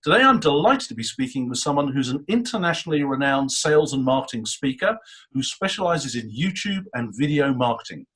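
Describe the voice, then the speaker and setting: A man's voice: mid-range voice, sing-song, a little fast. A man, hosting an interview with a polished, welcoming delivery. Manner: warm, polished presenter delivery. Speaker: host.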